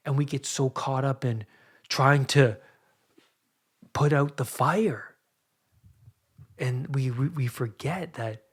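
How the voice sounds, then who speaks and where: A man hosting a solo podcast, speaking in a reflective, halting way that often repeats words as he searches for them. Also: medium pitch, husky. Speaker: podcast host and anxiety coach.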